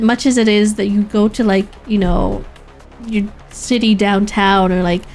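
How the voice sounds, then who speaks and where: A woman from Canada streaming a game, chatting casually and laughing often as she talks. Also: medium pitch. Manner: giggly, laughs often, restarts mid-sentence. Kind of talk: casual gaming stream chat.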